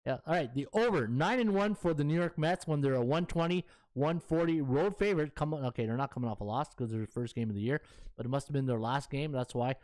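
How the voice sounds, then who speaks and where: A man's voice: mid-range voice, fast, darkish tone. A middle-aged man, a sports betting handicapper chatting casually on a live stream and thinking aloud as he scrolls through stats.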